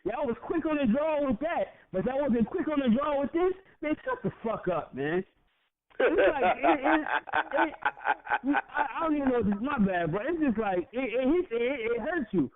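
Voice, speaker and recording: A man's voice: extremely high pitch, big pitch swings, moderate pace, dry recording. A young adult man and podcast co-host, ranting with passion and a lot of profanity, stumbling over repeated words. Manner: heated, profane, repeats words when worked up. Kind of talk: impassioned casual podcast rant. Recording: tinny phone-like audio.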